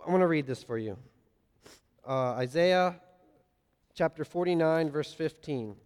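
A man preaching a sermon, earnest, swinging between loud emphasis and soft, quiet lines. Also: a little high, lively intonation, unhurried, smooth. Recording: long reverb of a large hall.

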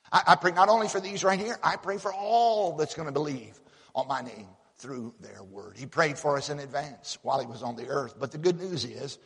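Husky-voiced man preaching in a reverberant hall. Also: fairly high pitch, fairly bright tone. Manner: folksy, emphatic, repeats words. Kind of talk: sermon.

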